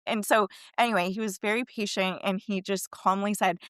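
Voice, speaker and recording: Middle-aged woman coach telling stories, animated, does little voices, clean dry sound. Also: medium pitch, fairly quick, smooth, no room sound. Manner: chatty, animated, acts out quoted voices. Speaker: fitness and wellness coach. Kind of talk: casual storytelling interview.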